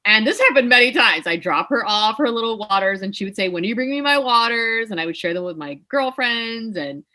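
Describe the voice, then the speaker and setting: Bright-voiced woman telling a story. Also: fairly high pitch, fairly quick. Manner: animated, emotional storytelling with laughs. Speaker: podcast guest. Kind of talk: casual storytelling chat.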